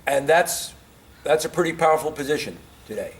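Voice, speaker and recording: In a fairly quick, animated voice on the high side, a man lectures informally on history to people in the room. He keeps testing them with questions and becomes passionate as he makes his case.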